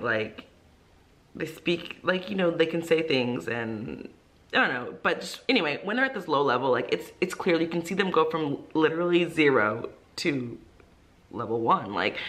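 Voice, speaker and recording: A woman's voice: low-pitched, fairly bright tone. A young woman, an ESL teacher, rambling casually to camera in a vlog, full of fillers and easily moved to tears. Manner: rambling, filler-heavy, emotional. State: teary, crying.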